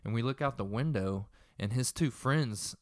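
A man's voice: medium pitch, normal speed, no echo, studio quality. A young man casually retelling a tense story in a profane, rambling way.

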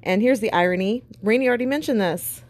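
A woman's voice: fairly high pitch, quick pace, a little mellow, no room sound. A woman co-hosting a podcast, chatting casually and playfully with frequent laughs. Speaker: podcast co-host. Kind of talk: casual chat.

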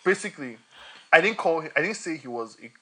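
A man's voice: a little high, expressive, quick pace, bright, forceful tone, slight background noise. A young man co-hosting a casual podcast chat, laughing often and animatedly defending himself. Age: young adult. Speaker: podcast co-host.

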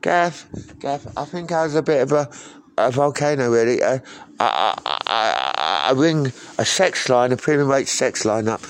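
A man's voice: medium pitch, lively intonation, normal speed. A man telling a rambling comic monologue, stammering and repeating words over and over.

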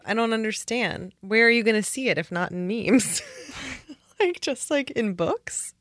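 A woman's voice: a little high, lively intonation. A young woman co-hosting a casual chat, playful and joking in her replies. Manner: playful, joking, quick laughs. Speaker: podcast co-host.

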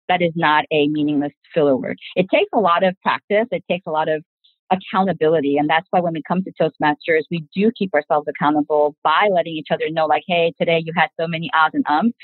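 A woman in her forties with a fairly low, husky voice speaks earnestly and reflectively in long connected sentences. The sound is thin and tinny, like a phone line, and very dry. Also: no echo. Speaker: podcast guest. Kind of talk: casual podcast conversation.

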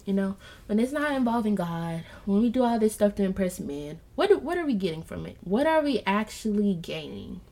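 A woman hosting a casual Bible study podcast, talking earnestly and preachily to her listeners and calling them y'all, then reading scripture aloud slowly and softly. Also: mid-range voice, big pitch swings. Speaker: podcast host.

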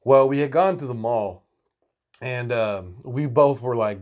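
A man in his thirties with a twang, spinning a loose, profanity-laden tale. He rambles and restarts, swears freely, and breaks into laughter as he goes. He sounds relaxed and talkative. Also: medium pitch, measured pace. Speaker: storyteller. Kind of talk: casual storytelling monologue.

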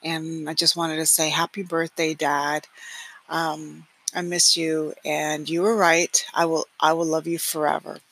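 A woman's voice: low-pitched, level tone, a little slow, a bit bright. A middle-aged woman hosting her own podcast, telling a personal story in a chatty way, with frequent laughs and restarts. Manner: chatty, many fillers and restarts, laughs often. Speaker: podcast host.

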